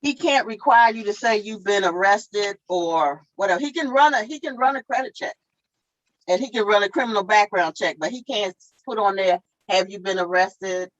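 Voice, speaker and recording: A woman's voice: mid-range voice, lively intonation, normal speed, lo-fi sound. A woman at an online town hall, explaining tenant law step by step in a plain, repetitive way. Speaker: tenant advocate.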